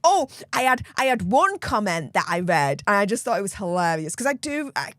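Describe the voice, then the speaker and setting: A woman from Yorkshire, England chats casually to camera as a YouTube commentary host, blunt and laughing often in her Yorkshire accent. Her medium-pitched voice is sing-song, a little fast, and fairly bright, on a dry recording.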